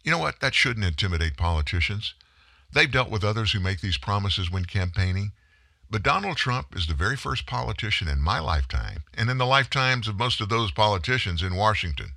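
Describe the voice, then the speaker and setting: A man's voice: lowish voice, bright, forceful tone, dry recording, studio quality. A man giving a political commentary monologue, emphatic and sarcastic, full of rhetorical questions.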